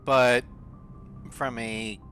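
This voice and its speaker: A man's voice: medium pitch, flat delivery, very slow, pushed and bright. A man streaming a video game, chatting casually and reading in-game messages aloud in a thoughtful way. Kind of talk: casual gameplay commentary. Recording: faint game music behind.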